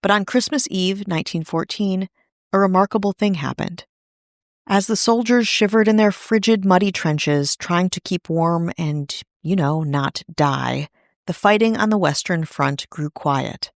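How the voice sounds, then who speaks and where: A woman's voice: on the low side, unhurried, no echo, clean studio sound. A woman hosting a podcast, narrating a history story from a script, with casual asides now and then. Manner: conversational asides in a storytelling read. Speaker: podcast host.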